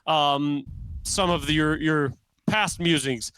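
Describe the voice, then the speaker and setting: A man's voice: on the high side, takes it slowly, a bit bright, smooth, no room sound, poor audio. A man co-hosting a podcast, casually reading out a listener question. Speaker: podcast co-host.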